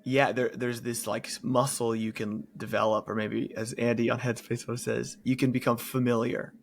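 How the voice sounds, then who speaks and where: A man's voice: medium pitch, little pitch movement, moderate pace, vocal fry, a little hiss or hum. A man, a therapist co-hosting a podcast, talking reflectively and thoughtfully in a loose, casual way. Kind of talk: casual conversation.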